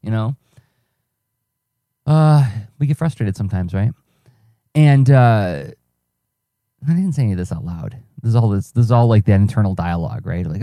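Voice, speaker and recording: A man's voice: lowish voice, animated, normal speed, long pauses, mellow, no echo, clean studio sound. A man hosting a solo podcast, thinking aloud in a rambling, self-correcting, conversational way. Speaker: podcast host, cartoonist and teaching artist. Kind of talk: reflective solo podcast monologue.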